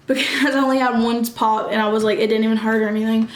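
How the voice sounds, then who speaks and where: A young woman, telling a casual storytime vlog, animated and quick, acting out what others said. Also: fairly high pitch, a little hiss or hum. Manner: animated, quick bursts, acts out quoted voices. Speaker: vlogger. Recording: echoey room.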